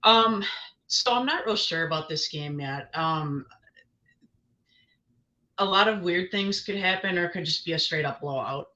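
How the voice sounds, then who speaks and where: A woman's voice: lowish voice, lively intonation, measured pace, long pauses, sharp tone, poor audio. A woman guest giving her picks in casual chat, hesitant, with many ums and restarts. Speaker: guest analyst.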